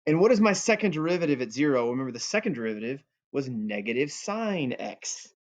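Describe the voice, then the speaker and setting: A man's voice: mid-range voice, sing-song, a little fast. A male math teacher giving a recorded calculus lesson in a playful, joking way. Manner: playful and goofy, jokes with students. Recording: dull lo-fi audio.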